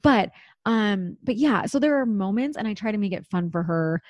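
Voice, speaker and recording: A woman's voice: mid-range voice, expressive, moderate pace, darkish tone, dry recording. Candid thirties woman host, chatty and unfiltered, mid-range voice, close and dry. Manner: candid, chatty, swears casually. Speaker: podcast host. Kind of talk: casual chat.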